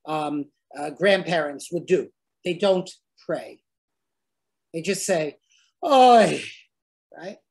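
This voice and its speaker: A woman giving an animated lecture on scripture, often checking in with "right?" and dropping Yiddish words. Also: fairly low pitch, husky. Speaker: teacher.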